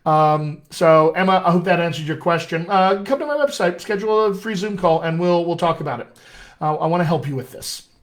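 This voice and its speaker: On a live stream, a male dialect coach reads viewer questions aloud and answers them in a friendly, upbeat, chatty way. His voice is slightly high for a man, with lively intonation and a somewhat quick pace, and he keeps things loose and conversational.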